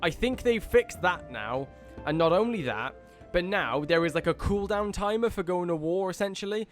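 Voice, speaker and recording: A man's voice: high voice, normal speed, soft background music. Rambling man narrating his gameplay. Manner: rambling, filler-heavy, easily excited. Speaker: gaming video host. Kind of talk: casual let's-play commentary.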